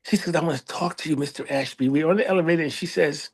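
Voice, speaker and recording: A middle-aged American man telling a story in a casual interview, animated, acting out other people in a raised voice. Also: fairly high pitch, fast talker, breathy edge. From United States. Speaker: librarian, interview guest.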